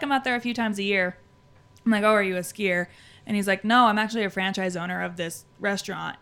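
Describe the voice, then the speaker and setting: A woman chatting casually on a podcast, telling lively stories and acting out the voices of the people in them. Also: fairly low pitch, a little hiss or hum. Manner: animated storyteller acting out quoted voices. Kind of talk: casual chat. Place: lives in Salt Lake.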